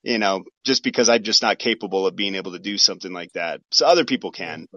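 A man who is a guest comedian and commentator on a podcast, talking in a halting, laid-back way with many restarts. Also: low-pitched, pushed and bright. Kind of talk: casual podcast chat.

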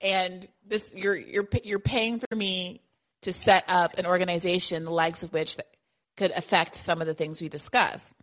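A woman's voice: lowish voice, flat delivery, a bit bright. A woman hosting a call-in podcast, talking casually, laughing often and cutting herself off mid-thought. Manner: quick, laughs often, self-interrupting. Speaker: podcast host.

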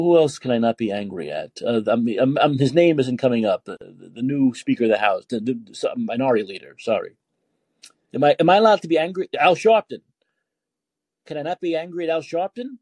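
This call-in podcast host has a slightly high, darkish, husky voice with no room sound. Indignant, he rants through rhetorical questions, often repeating words once he's heated.

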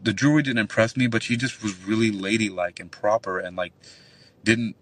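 A man's voice: lowish voice, a little fast, far from the mic. A man who works as a nightclub bouncer, telling a long, rambling, profane story in casual call-in chat. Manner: rambling, profane, animated retelling.

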